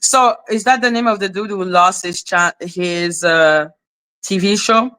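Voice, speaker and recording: A woman hosting a commentary livestream, ranting with heavy profanity and mockery, breaking into shouts. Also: medium pitch, a little slow. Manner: profane, mocking, shouts in outbursts. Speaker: commentary channel host. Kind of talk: heated livestream rant.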